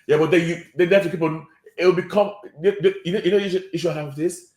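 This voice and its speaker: A man's voice: fairly high pitch, steady tone, a little mellow. A man with a Nigerian accent, co-hosting a casual podcast chat, often repeating words and hedging as he reviews an episode. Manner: hesitant, repeats words, quick to agree. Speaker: podcast co-host. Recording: roomy echo.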